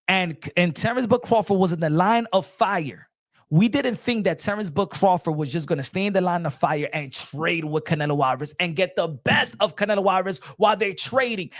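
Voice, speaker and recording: A man's voice: high-pitched, a bit bright, no room sound, studio quality. A man hosting a boxing channel, talking in a casual, rambling monologue full of slang, restarts and emphatic repetition.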